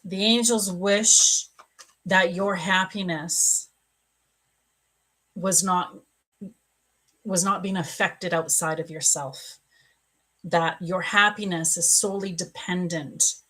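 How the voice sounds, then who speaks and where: Slow, soft-spoken woman psychic. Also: fairly low pitch, fairly even intonation, low-quality recording. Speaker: psychic medium hosting a live reading. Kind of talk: live-stream reading of viewer questions.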